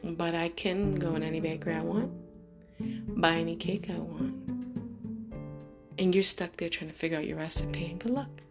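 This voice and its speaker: A woman's voice: lowish voice, moderate pace, gravelly, long pauses. A woman vlogger giving a motivational monologue to her followers, talking emphatically with shifting pace. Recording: guitar music playing behind the voice.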